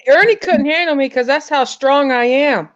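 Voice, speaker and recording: A woman's voice: sits high, moderate pace. A woman from Alabama with a Southern accent, co-hosting a casual livestream in a frank, blunt, talkative way. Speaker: livestream co-host. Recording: dull, muffled audio.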